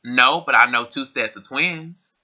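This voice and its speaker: Young guy doing a q&a tag vlog at home, bright chatty voice, kinda muffled lo-fi mic. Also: medium pitch, measured pace. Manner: chatty, laughs often, repeats himself. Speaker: vlogger. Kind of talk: casual Q&A tag video. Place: his room.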